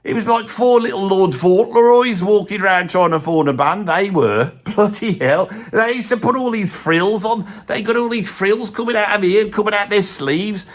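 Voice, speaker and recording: A man playing a rambling, opinionated middle-aged bloke with a Birmingham accent, who swears mildly all the time and drops into hushed asides. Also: high voice, moderate pace, hardly any pauses, close to an everyday voice. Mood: rambling gossip. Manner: rambling, says "bloody" constantly, drops into hushed conspiratorial asides. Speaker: comic presenter. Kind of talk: comedic character monologue.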